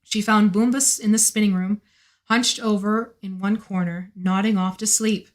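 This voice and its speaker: A woman with a slightly hoarse, mid-range voice reads a novel aloud on a live stream, taking her time and adding chatty asides. Her tone stays steady.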